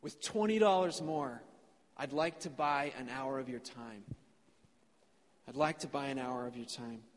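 A man's voice: mid-range voice, a little slow, in a large hall, natural voice. A man voicing a young boy who earnestly asks his father for time.

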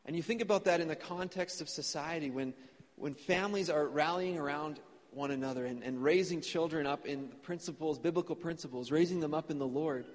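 A man preaching a sermon as pastor, earnest and conversational, in a church sanctuary. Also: a little high. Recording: long church reverb.

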